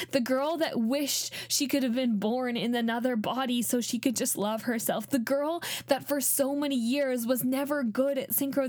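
A woman's voice: high voice, a little mellow, dry recording, studio quality. A woman in her late twenties with a Canadian accent, telling a personal story as a podcast host in a heartfelt, chatty way full of fillers. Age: late 20s.

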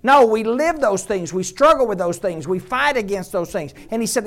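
A man preaching a sermon in a conversational way, quizzing the congregation and dropping to a hush on tender points. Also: sits high, sing-song, fairly quick, few pauses. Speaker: pastor.

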